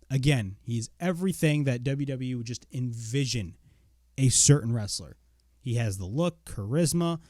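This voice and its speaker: A young man giving a casual spoken wrestling review, blunt and excitable, swearing freely. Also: mid-range voice, dry recording, studio quality.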